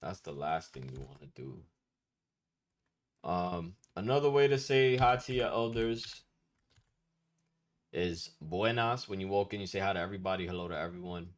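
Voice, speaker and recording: A man's voice: deep voice, moderate pace, long pauses. A man of Dominican family teaching Spanish etiquette in a casual, slangy lesson, talking bluntly and sometimes swearing.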